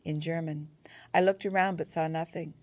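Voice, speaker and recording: A woman reading a first-person war novel aloud as an audiobook narrator, in a steady, earnest storytelling manner. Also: sits low, moderate pace.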